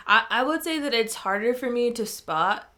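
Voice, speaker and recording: A woman's voice: a little high, lively intonation, moderate pace, bright, forceful tone. A young woman with a Californian Valley Girl accent co-hosting a podcast, chatting casually with lots of "like" and frequent laughs. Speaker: podcast co-host. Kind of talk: casual chat.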